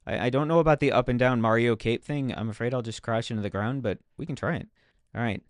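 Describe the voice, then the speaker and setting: Male streamer, self-mocking running commentary, smooth voice, dry close sound. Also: medium pitch, expressive, fast talker, hardly any pauses, no room sound. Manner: chatty, self-mocking, talks to himself while playing. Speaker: game streamer. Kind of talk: casual gameplay commentary.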